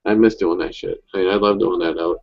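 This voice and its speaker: A man's voice: low voice, steady tone, fast, vocal fry, lo-fi sound. A young man chatting casually, rambling through stories with lots of swearing and restarts. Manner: rambling, profane storytelling with many restarts. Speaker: chat participant telling stories. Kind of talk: casual group chat.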